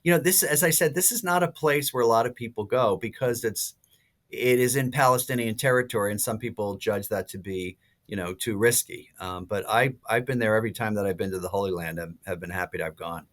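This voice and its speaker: A priest in his sixties, a podcast guest, telling stories in a lively way with many fillers and restarts. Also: fairly low pitch, a little fast. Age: 60s. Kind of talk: casual podcast interview.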